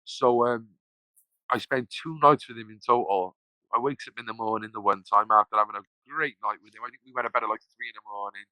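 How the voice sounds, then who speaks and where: A man's voice: on the low side, steady tone, brisk, pushed and bright, no echo, rough recording. A man, a podcast guest telling his story casually, rambling, swearing freely and acting out the voices of people he quotes.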